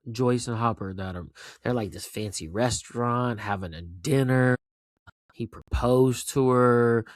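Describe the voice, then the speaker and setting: A man hosting his own show, giving a casual, rambling recap of a TV finale. He talks with excitement, swears freely and keeps asking "right?". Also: medium pitch, no room sound, clean studio sound. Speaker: show host.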